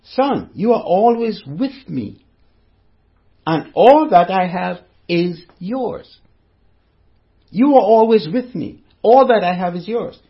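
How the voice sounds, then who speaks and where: A man voicing a patient, loving father who pleads gently with his son in a retold parable. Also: high-pitched, animated, takes it slowly, highs cut off, exaggerated voice. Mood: pleading.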